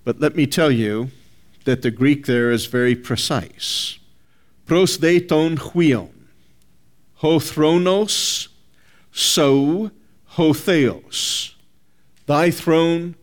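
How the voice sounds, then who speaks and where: A man preaching a sermon, emphatic and deliberate, reading scripture aloud and working through Greek phrases word by word. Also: medium pitch.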